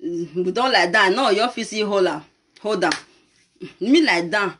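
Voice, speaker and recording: A woman with a Nigerian Pidgin English accent hosting a talk show, telling a personal story to camera in an animated, laughing way. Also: medium pitch, moderate pace, slight background noise.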